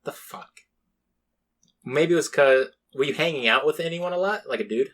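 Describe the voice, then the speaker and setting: Young man, podcast host, casual rambling chat, slightly husky voice. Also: a little high, normal speed, a bit bright. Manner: rambling, laid-back storytelling with fillers.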